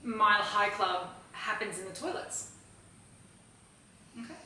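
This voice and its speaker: A woman's voice: mid-range voice, unhurried, sharp tone. A woman co-hosting a podcast in casual chat, blunt and teasing and often laughing, recorded with poor, echoey sound. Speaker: podcast co-host. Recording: echoey distant room with poor sound and faint noise.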